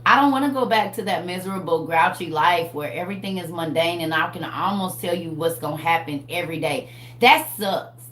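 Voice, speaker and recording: A woman in her forties preaching casually to her viewers about her faith, animated and laughing often, calling them y'all. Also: fairly low pitch, fairly quick. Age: 40s. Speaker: vlogger sharing faith. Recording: roomy echo.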